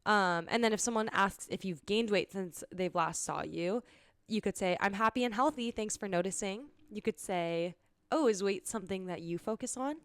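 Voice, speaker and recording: Young female podcast host, smooth clear voice, dry close sound, casual and earnest. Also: medium pitch, moderate pace, no room sound. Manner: casual, earnest, laughs often. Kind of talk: solo podcast talk.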